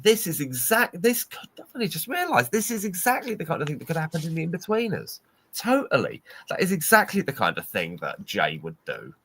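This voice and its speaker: Middle-aged man, low voice, animated storyteller who jumps into character voices. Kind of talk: casual anecdote telling.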